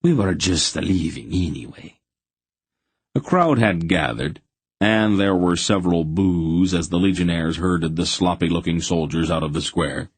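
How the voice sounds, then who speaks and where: A man's voice: deep voice, moderate pace, dry recording. A man narrating a fantasy audiobook, putting on voices for the many characters.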